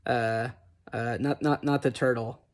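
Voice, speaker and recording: Speaking at a measured pace in a steady, medium-pitched voice, this man reviews a cartoon special in a loose recap, swearing freely, rambling, and filling it with fillers and restarts.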